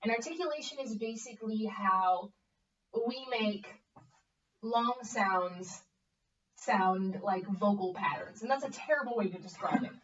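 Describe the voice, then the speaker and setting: A woman's voice: medium pitch, measured pace. Young woman, teacher, encouraging, distant mic, muffled audio. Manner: upbeat, coaching with frequent okay checks. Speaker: bassoon teacher. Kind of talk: encouraging one-on-one music lesson. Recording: echoey, distant, dull room audio.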